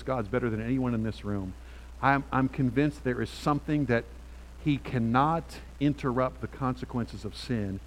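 A man's voice: medium pitch, a little hiss or hum, low-quality recording. A middle-aged man, a pastor, preaching a sermon in a church with repetitive, rising bursts of emphasis. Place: church sanctuary.

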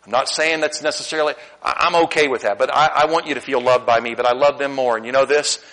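A middle-aged man preaching a sermon in a church, candid and animated, swinging between loud emphasis and quiet asides. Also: medium pitch, fast, low-quality recording. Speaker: pastor. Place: church sanctuary.

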